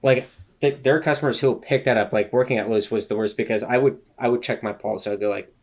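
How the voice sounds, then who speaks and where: A man co-hosting a podcast, chatting casually in a halting, hesitant way. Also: medium pitch, steady tone, darkish tone. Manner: halting, hesitant, many fillers and restarts. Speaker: podcast co-host. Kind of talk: casual chat.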